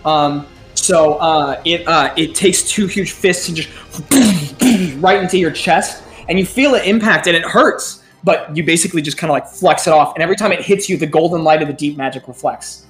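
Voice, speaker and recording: A man narrating a tabletop game as game master, speaking haltingly with many ums and uhs. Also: fairly high pitch, fairly bright tone, faint music behind.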